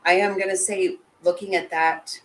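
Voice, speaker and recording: A woman with a low voice gives live commentary to her chat. She talks bluntly and emotionally, swears freely and keeps breaking off and restarting her sentences. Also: steady tone, moderate pace, rough recording. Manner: blunt and heated, with frequent swearing. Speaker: channel host.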